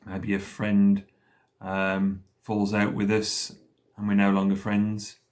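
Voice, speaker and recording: A man leading school worship, slowly retelling a story for children and pausing to ask them questions. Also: on the low side, completely flat delivery.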